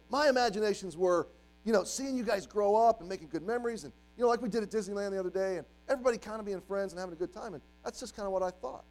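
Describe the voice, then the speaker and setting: A man in his forties preaching a sermon as a youth pastor, animated, acting out the voices of doubters and the devil. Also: sits high, fast, low-quality recording.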